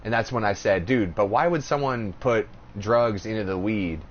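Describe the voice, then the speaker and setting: A man's voice: on the low side, moderate pace. A man hosting a podcast in casual chat, telling stories with lots of swearing and acted-out quotes. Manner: animated storytelling, profane, acts out quotes. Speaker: podcast host. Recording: dull lo-fi audio, faint noise.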